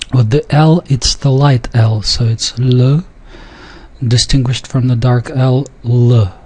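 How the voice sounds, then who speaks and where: A man teaching a pronunciation lesson, speaking deliberately and repeating words with pauses and small restarts. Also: medium pitch, rough recording. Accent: speaks a Yiddish dialect. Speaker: language teacher. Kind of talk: slow classroom-style pronunciation lesson.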